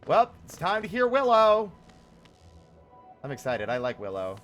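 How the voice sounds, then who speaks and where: A man's voice: high voice, huge pitch swings, unhurried, a bit bright. A man streaming a video game live, commenting in a chatty, rambling way with lots of fillers. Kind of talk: casual live gameplay commentary. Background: faint game music.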